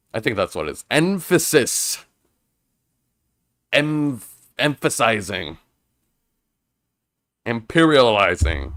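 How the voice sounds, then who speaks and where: A man's voice: fairly low pitch, fairly bright tone, dry recording, studio quality. A man streaming a visual novel, reading the dialogue aloud and putting on playful voices for the characters. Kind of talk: casual let's-play reading with voices.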